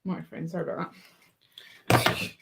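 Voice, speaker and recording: A woman chatting casually and teasing while she builds, laughing often. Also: moderate pace. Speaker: co-host of a live building stream. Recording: faint background noise and clicks.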